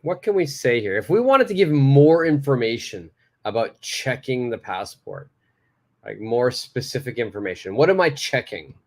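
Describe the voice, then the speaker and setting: A man's voice: medium pitch, very animated, normal speed, darkish tone. A man teaching a beginner English lesson, praising students and stressing key words as he explains. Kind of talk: live online English lesson.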